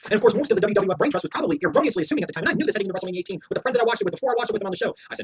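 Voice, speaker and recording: A man's voice: high-pitched, expressive, rapid-fire, few pauses, a little hiss or hum. A man giving a heated, profane, opinionated review rant as a wrestling show reviewer, hammering his points with emphatic repetition.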